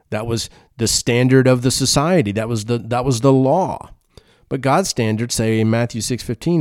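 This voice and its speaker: Warm-voiced preacher giving a sermon. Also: male voice, mid-range voice, normal speed, no room sound, clean studio sound. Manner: earnest, conversational, repeats words. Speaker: pastor.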